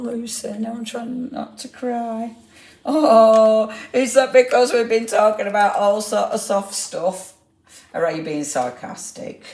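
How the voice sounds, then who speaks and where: A woman's voice: low voice, a little mellow. A middle-aged woman hosting a live craft demonstration, chatting casually to viewers' comments as she works. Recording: echoey room with faint noise.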